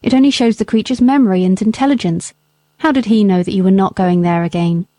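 A woman voicing a stern, principled middle-aged gentleman in an audiobook, speaking in measured rebuke. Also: medium pitch, dry recording, natural voice. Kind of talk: audiobook character reading.

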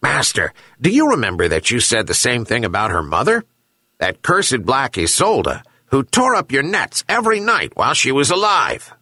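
A man's voice: mid-range voice, huge pitch swings, normal speed, pushed and bright, husky, no echo, studio quality, heavily acted. A man voicing a loyal, worried dog in a storybook reading, warning his master in earnest.

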